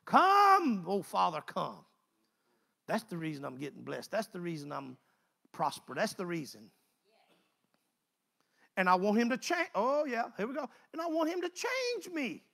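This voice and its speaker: A male preacher delivering an animated sermon, swinging between loud exclamations and low asides. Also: moderate pace, gravelly, pauses often.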